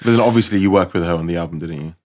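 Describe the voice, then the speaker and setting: A man's voice: low-pitched, racing, darkish tone. A man hosting a casual interview, asking eager follow-up questions. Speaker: podcast host.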